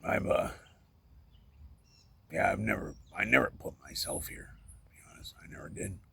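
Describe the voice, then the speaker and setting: In a personal vlog, a middle-aged man rambles candidly about his life, halting often and full of fillers and restarts. He gets emotional, and his voice, already on the low side with vocal fry, keeps sinking to a near whisper.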